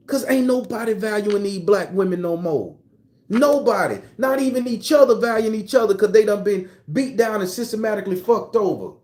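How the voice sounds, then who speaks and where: An older man with a high-pitched, animated, slightly mellow voice speaks a little fast. A tarot reader and channel host, he delivers an impassioned, profane, preachy monologue on relationships, driving points home through emphatic repetition.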